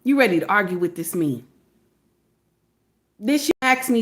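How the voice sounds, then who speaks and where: A woman hosting a reaction video, talking in a loud, theatrical way with frequent swearing and laughter. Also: medium pitch, animated, moderate pace. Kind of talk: animated reaction commentary.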